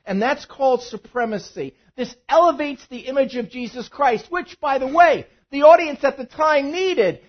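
A male pastor preaching a sermon, swinging between loud emphatic bursts and quiet asides. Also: very high voice, husky, dull audio. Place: church.

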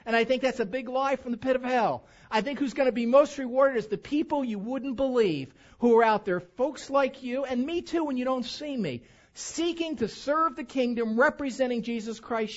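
A man preaching a sermon from the pulpit with a microphone, telling a humorous story with lively, animated delivery. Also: very high-pitched, normal speed. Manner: lively, animated preaching with mock-drawl asides. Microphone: handheld or stage microphone. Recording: slightly dull lo-fi sound.

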